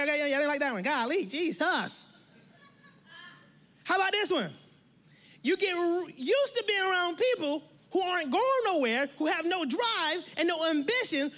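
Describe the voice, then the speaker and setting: A high-pitched pastor delivering a sermon in a church. The delivery is emphatic and playful, with lots of repetition and asides to the congregation. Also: a bit bright.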